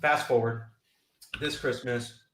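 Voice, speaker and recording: A man chatting on a golf live stream, wandering through a long story and acting out the other people's lines. His voice sits in a middle pitch and carries the echo of a roomy space. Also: steady tone, slow pace, a bit bright, a little hiss or hum. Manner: rambling storyteller, acts out quoted voices. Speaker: golf podcast co-host. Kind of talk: casual live-stream chat.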